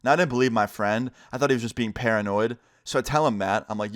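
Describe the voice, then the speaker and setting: A man's voice: mid-range voice, quick pace, no room sound, clean studio sound. A young man from New York telling a personal story casually on camera, full of slang and quoted dialogue. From United States, New York. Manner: relaxed, slangy, acts out quotes in his own voice.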